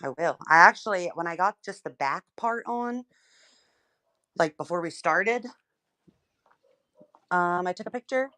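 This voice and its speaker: A woman in casual chat, out of breath and talking with excited enthusiasm. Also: lowish voice, unhurried, long pauses, dry recording, studio quality.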